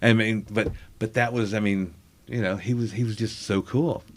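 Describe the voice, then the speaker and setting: A man's voice: lowish voice, steady tone, normal speed. A man who is a comedian guest, telling a rambling story in a casual way, with many asides and fillers.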